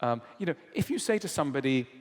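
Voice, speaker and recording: A man's voice: mid-range voice, fast talker. A man speaking, answering an audience question at a public lecture and acting out little dialogues as he explains. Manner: animated storyteller acting out quoted dialogue. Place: lecture hall. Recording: long hall reverb.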